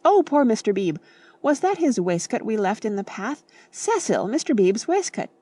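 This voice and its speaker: A woman's voice: a little high, sing-song, moderate pace, dark tone, voice pushed up. A woman doing a fussy, scandalised mother. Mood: dismayed. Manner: exclaiming, scandalised. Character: fussy, exclaiming middle-aged English mother.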